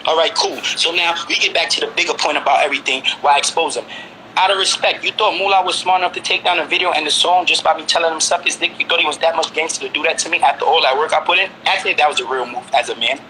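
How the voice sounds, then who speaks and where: Brooklyn man, 40s, high bright voice, rapid and insistent, faint noise behind. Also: poor audio. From Brooklyn, New York. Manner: insistent, repeats himself, presses the listener with questions. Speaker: guest. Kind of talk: heated casual conversation.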